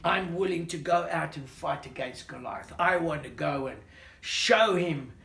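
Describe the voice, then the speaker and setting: A man's voice: on the high side, lively intonation, a little slow, creaky, bright, forceful tone, a little hiss or hum, exaggerated voice. A man voicing a brave, eager young shepherd boy who speaks with earnest determination. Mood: determined. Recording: roomy echo.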